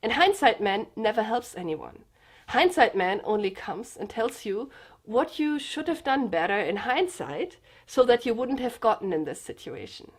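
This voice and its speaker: A woman's voice: on the high side, big pitch swings, moderate pace, slightly rough. A young woman from Germany with a German accent, speaking in an earnest, hesitant way, with fillers and restarts, in a personal confessional vlog. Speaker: vlogger.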